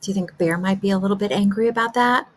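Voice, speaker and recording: A woman kindergarten teacher asking young children gentle questions about a story in a remote lesson. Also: medium pitch, fast talker.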